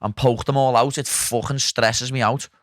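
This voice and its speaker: A man's voice: medium pitch, fairly even intonation, normal speed, no echo, studio quality. A young man with a Liverpool accent hosting a podcast, chatting bluntly with plenty of swearing. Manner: blunt, sweary, laughing banter. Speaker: podcast host. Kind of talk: casual banter.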